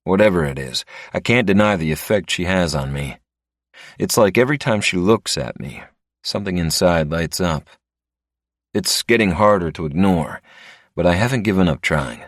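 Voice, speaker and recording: A man narrates a first-person story with a deep, low voice. His delivery is dry and a little wry. The recording is close and dead, with no room sound. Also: expressive, normal speed, dry recording.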